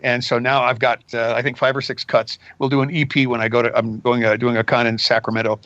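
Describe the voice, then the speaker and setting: An older voice actor chats through his stories, bouncing between his own voice and quick character bits. The sound is a little dull and dry, as from a remote recording. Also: mid-range voice, dry recording. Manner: animated, jumps into character voices mid-story. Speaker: voice actor guest. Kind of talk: casual interview storytelling.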